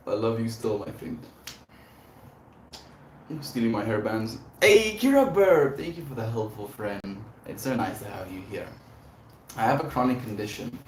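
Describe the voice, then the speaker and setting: A man's voice: on the low side, a little mellow, slight background noise. A man hosting a livestream, chatting casually and affectionately with viewers in a laid-back way. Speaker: livestream host. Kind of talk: casual chat reading viewer messages. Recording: echoey room.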